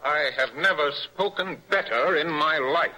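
An actor playing a proud, earnest middle-aged parson in a radio stage play, speaking forcefully and with indignation. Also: male voice, a little high, measured pace, background noise, natural voice. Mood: stern. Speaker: clergyman and husband.

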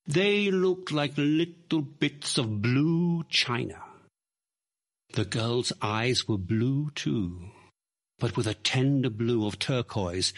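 A man reading a story aloud in a dramatic, expressive way, dropping to hushed asides. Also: medium pitch. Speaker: narrator.

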